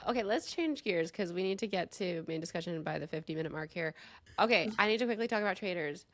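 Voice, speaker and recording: A woman's voice: fairly low pitch, animated, quick pace, no room sound. A woman hosting a podcast in casual chat, retelling events emphatically and swearing freely. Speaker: podcast host.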